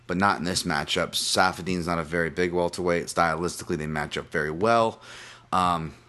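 A man hosting a fight-analysis podcast, ranting with lots of swearing and restarts, then settling into a calmer betting breakdown. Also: low voice. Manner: profane, animated ranting with many restarts. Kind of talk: casual ranting podcast talk.

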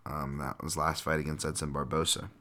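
This podcast host has a very deep voice, a level and sharp tone, and a slightly fast delivery. Alone on a relaxed show, he analyzes fights as ideas come to him, full of filler words, false starts and occasional chuckles.

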